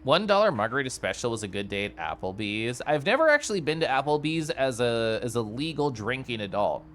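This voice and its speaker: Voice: mid-range voice, sing-song, brisk, a bit bright, a little hiss or hum. A game streamer chatting casually on a live stream, reacting to chat with a giggly, chatty manner.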